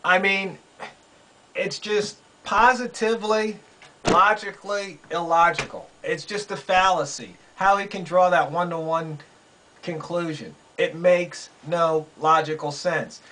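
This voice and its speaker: A man's voice: high-pitched, steady tone, a little slow, sharp tone, rough recording. A man giving casual political commentary, sarcastic and incredulous, often repeating himself. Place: quiet room under a roof in rain.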